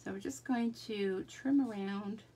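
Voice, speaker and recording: A woman's voice: medium pitch, a little slow, mellow, slight background noise. A woman chatting her way through a live card-making demonstration, talking to herself as she works. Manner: chatty, talks to herself while working.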